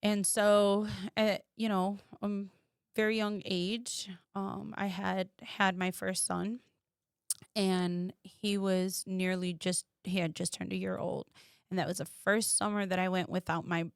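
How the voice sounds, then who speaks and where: Woman telling her story, gravelly edge. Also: slow pace, no room sound, studio quality. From United States. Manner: animated, quoting others with rising pitch. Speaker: guest. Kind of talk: personal storytelling.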